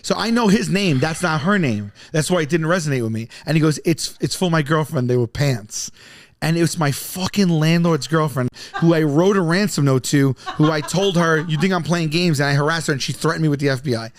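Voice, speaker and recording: A man telling a long comic story on a podcast, rambling and animated, often stumbling over his words. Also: on the high side, fairly quick. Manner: rambling, animated, self-interrupting.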